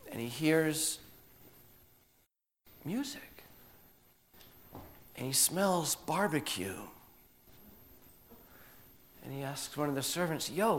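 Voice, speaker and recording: A man preaching a sermon, telling a story with animated delivery and drawing answers from listeners. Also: a little high, slight background noise. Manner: animated storytelling, acts out quoted voices.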